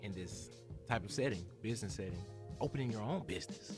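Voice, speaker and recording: A man hosting a casual interview in a restaurant, asking playful, animated questions. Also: on the low side, fast talker. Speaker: show host. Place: indoors in a restaurant. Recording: music in the background.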